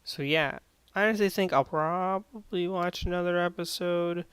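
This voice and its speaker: Sardonic, foul-mouthed male reviewer with a smooth voice, recorded dry. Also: sits high, moderate pace, a bit bright, no room sound, poor audio. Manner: rambling, profane, sardonic. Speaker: anime reviewer. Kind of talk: casual spoken review.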